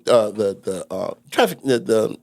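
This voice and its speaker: A man's voice: on the low side, sing-song, normal speed, darkish tone. A man from New York City, a podcast co-host, telling a rambling story full of restarts. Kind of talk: casual storytelling chat.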